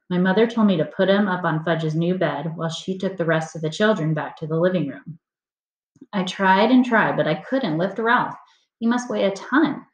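A woman reading a children's chapter book aloud in a steady storytelling manner. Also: lowish voice. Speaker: reader. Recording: roomy dull lo-fi recording.

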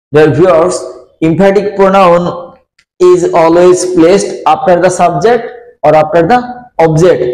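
A man teaching English grammar in a deliberate classroom manner, repeating his points and pausing with "uh" as he explains. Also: a little high, a little mellow, echoey room, low-quality recording.

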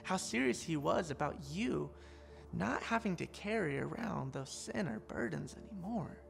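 A woman's voice: on the low side, animated, normal speed, vocal fry, soft background music. A woman giving an online children's church sermon, telling the story animatedly and talking straight to the kids. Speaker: children's pastor.

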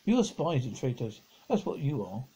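A man's voice: mid-range voice, very animated, moderate pace, warm tone, husky, heavily acted, rough recording. A man voicing an indignant, proud young boy in a storybook reading. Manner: indignant and eager.

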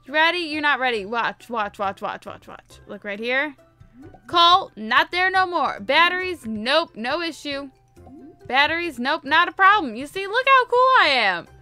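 A woman's voice: high-pitched, very animated, a little slow, sharp tone, soft background music. A woman giving casual, playful let's-play commentary, chatting to her viewers and repeating herself often. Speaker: gaming video host.

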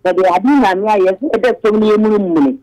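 A man calls a church program to give a heartfelt testimony. His voice sits high for a man. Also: fairly quick, mellow, rough recording. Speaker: caller.

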